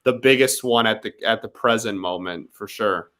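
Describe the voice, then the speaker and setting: A man's voice: on the low side, normal speed, pushed and bright. A man from the Detroit area, co-hosting a casual watch-party chat, rambling with lots of fillers. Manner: rambling, hesitant with many fillers. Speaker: co-host.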